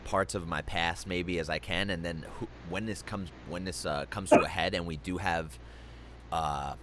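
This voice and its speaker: A man's voice: deep voice, fairly even intonation, normal speed, background noise. A young adult man hosting an interview, talking casually with many ums and restarts and some swearing. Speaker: host.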